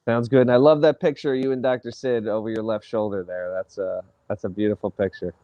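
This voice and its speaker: A man's voice: lowish voice, fairly even intonation, fast, dark tone, no room sound. A man hosting a weekly call, speaking in a friendly, casual way with lots of "you know". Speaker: host. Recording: dull dry call audio.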